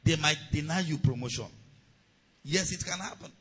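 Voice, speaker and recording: A high, bright-voiced man delivers a sermon. His voice is very husky and rough, and he leads call-and-response with his congregation, building to shouted exhortations. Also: normal speed, poor audio. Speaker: pastor.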